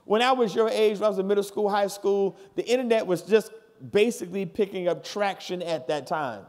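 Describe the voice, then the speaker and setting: A man's voice: sits high, brisk, a little mellow. A pastor in his thirties preaching a sermon to his congregation in church, building from plain talk into hollering. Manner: talks straight to the congregation.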